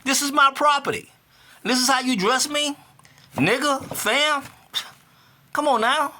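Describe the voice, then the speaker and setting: A man's voice: extremely high pitch, unhurried, pushed and bright, a little hiss or hum. A man in his fifties talking casually to camera in a vlog, repeating himself for emphasis and rising to indignant outbursts. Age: 50s. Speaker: vlogger.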